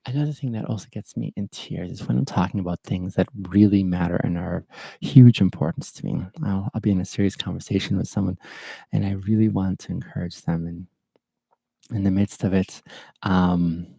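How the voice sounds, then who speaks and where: A man's voice: low-pitched, steady tone, a little fast, vocal fry, dark tone, slightly rough, no echo. A man in his thirties or forties hosting a podcast, telling a story in an earnest, rambling way with many fillers. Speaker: podcast host. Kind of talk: casual chat.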